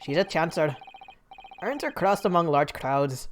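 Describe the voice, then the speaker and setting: A woman's voice: sits low, big pitch swings, measured pace, a little hiss or hum. A woman voicing a cheeky teenage girl pickpocket in a game, brash and full of street slang. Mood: sly.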